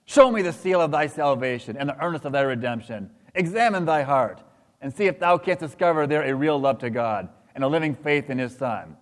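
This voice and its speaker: A man's voice: fairly high pitch, animated, a little fast, lightly acted. A man reading the lines of a stern angel of judgment who scolds in solemn, archaic speech. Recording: long hall reverb.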